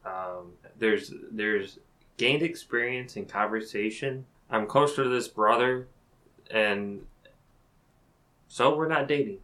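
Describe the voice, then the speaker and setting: A man's voice: on the low side, takes it slowly, sharp tone, low-quality recording. A man co-hosting a casual podcast chat, talking earnestly and thinking aloud. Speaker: podcast co-host.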